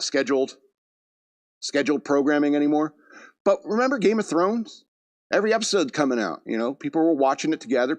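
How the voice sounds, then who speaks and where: A man's voice: on the high side, no room sound. A man hosting a podcast, telling a rambling casual story from his day and laughing at his own jokes. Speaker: podcast host. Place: studio.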